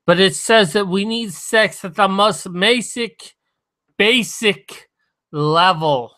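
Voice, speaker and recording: A drunk man talking to his stream viewers with slurred, halting speech, sometimes very soft. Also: high-pitched. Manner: talks softly at times. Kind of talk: drunken livestream monologue.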